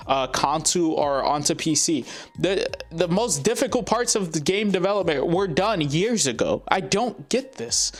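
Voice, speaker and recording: A man ranting angrily about a game, swearing often and pausing on fillers. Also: a little high. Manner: profane, heated, frequent filler pauses. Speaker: gaming commentator. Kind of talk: angry rant to camera.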